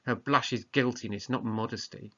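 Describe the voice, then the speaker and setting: A bitter young nobleman heaping scorn on his bride, read aloud by a man. The lines come as a plain classroom reading rather than full acting, in a bright, forward tone. The recording is muffled and lo-fi. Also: medium pitch, steady tone, moderate pace, lightly acted. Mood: accusing. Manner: read aloud from a play script, lightly dramatised.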